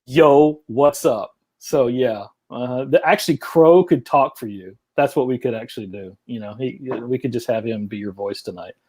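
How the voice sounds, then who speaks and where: A man's voice: mid-range voice, moderate pace, few pauses, darkish tone. A man hosting a live paranormal stream, bantering upbeat with his guests over a video call. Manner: upbeat, bantering, laughs a lot. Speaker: host. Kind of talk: casual live-stream chat.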